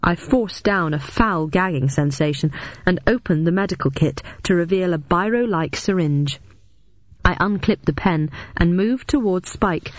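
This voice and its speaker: A woman reading a first-person story aloud as an audiobook, with steady, even storytelling. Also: on the low side, no echo. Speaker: audiobook narrator.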